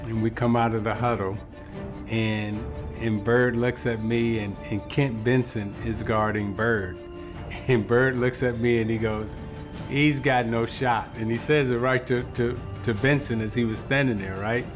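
A man with a voice of middle pitch tells a story from his playing days. He halts and repeats words as he talks. Music plays clearly behind him. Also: fairly even intonation, moderate pace. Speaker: former player telling a story.

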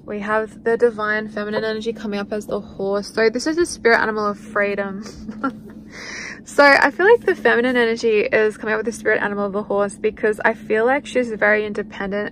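A woman's voice: mid-range voice, background noise. Chatty woman giving a card reading. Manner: chatty, speaks in quoted inner voices. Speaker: tarot card reader. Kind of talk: spiritual card reading monologue.

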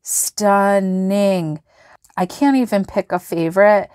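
A woman vlogger excitedly showing stickers and washi tape, gasping and gushing over each item. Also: mid-range voice, takes it slowly, no echo, studio quality. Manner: gushing, gasps and exclaims over items. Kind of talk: excited product flip-through.

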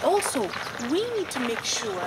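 An actress playing a firm, instructive health worker in a TV drama. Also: female voice, sits high, sing-song, normal speed, very noisy. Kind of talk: TV drama acting.

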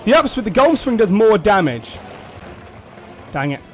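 A man commentating his own gameplay, excitable and quick to shout and laugh at the game. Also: high voice, slight background noise. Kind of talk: let's play commentary.

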